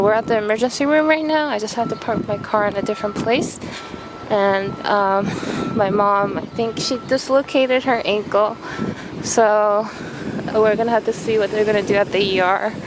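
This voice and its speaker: A woman's voice: mid-range voice, normal speed, background noise. A young woman vlogging casually, telling a story in a rambling way full of "like". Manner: rambling, heavy use of "like".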